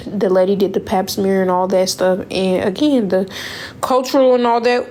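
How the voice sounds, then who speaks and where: A woman's voice: medium pitch, steady tone, moderate pace, darkish tone, slight background noise. Emotional young woman telling a story. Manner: emotional, rambling, repeats words, quotes others. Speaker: vlogger. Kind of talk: casual storytime vlog.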